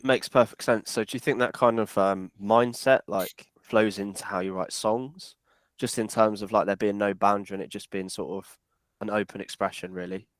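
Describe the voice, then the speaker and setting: A man hosting a podcast interview from his laptop outdoors under a little shelter, relaxed and friendly, calling the guest mate. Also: lowish voice, moderate pace, no room sound. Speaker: podcast host. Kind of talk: casual interview.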